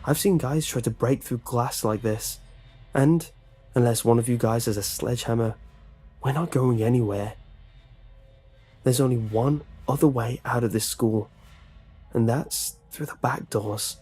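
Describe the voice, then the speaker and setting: A man's voice: mid-range voice, unhurried, pauses often, warm tone, husky, faint music behind. A man voicing a tense teenage schoolboy who barks short, curt orders. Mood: flat warning.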